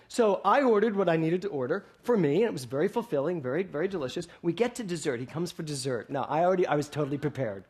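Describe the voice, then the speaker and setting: A man with a fairly high voice delivers a sermon from a stage. He tells stories with humor and slips into the voices of the people in them. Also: breathy edge. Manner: playful storytelling, acting out dialogue. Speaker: minister. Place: hall, before a congregation.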